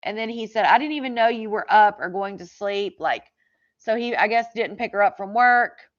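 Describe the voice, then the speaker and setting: A woman's voice: mid-range voice, moderate pace. A woman chatting casually about a true crime case, reading out text messages with lots of "like" and incredulous asides. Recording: slightly dull lo-fi audio.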